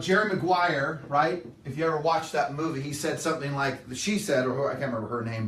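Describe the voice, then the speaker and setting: A middle-aged motivational speaker addresses a live audience in a meeting room, earnest and emphatic, acting out the voices of people he quotes. His voice is on the high side and fairly bright, with slight background noise. The room is echoey and the mic sits at a distance.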